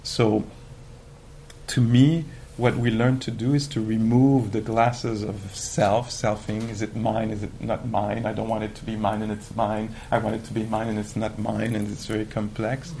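A man giving a conversational dharma talk as a meditation teacher, animated and full of "you know" fillers. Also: on the low side, moderate pace, slight background noise, low-quality recording. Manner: animated, acts out quoted inner voices.

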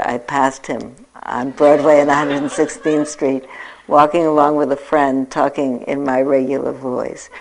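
An older woman in her sixties speaks in a low voice with a gravelly edge. She gives a reflective dharma talk as a meditation teacher and pokes gentle fun at herself along the way. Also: low-quality recording. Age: 60s. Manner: reflective, gently self-mocking storytelling.

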